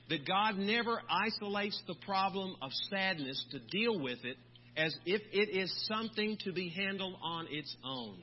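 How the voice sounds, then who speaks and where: A man, a pastor, preaching a sermon in a measured way, slowing down on key words. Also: high-pitched. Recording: dull lo-fi recording with faint hum.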